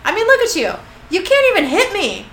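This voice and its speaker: A smug, cornered angel scribe, a man who taunts those above him, read out by a woman. The voice is fairly high and very lively. It has a bright edge and sits in an echoey room. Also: moderate pace, a little hiss or hum. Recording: echoey room with faint ambience.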